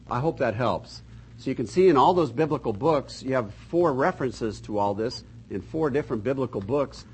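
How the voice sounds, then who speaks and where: A man's voice: mid-range voice, a little hiss or hum, low-quality recording. An older man teaching a Bible class in a folksy, joking way, reading scripture aloud with emphasis.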